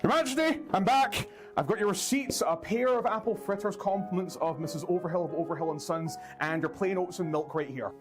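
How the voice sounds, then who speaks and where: A performer voicing an eager, flustered male palace servant who talks in a bright, hurried, stammering way. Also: mid-range voice, soft background music, close to an everyday voice.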